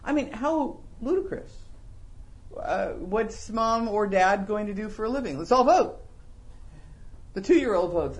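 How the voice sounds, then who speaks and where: Middle-aged male Bible teacher, sermon delivery, animated with humorous rhetorical questions. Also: high-pitched, unhurried, long pauses. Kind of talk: sermon-style Bible lesson.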